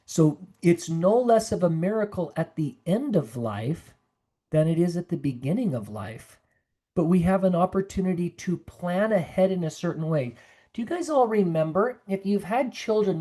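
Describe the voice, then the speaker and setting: Speaking to caregivers on a video call, the nurse practitioner sounds lowish, warm, and animated at a normal pace. Her online talk is earnest yet conversational, and she occasionally performs the voices of those she quotes.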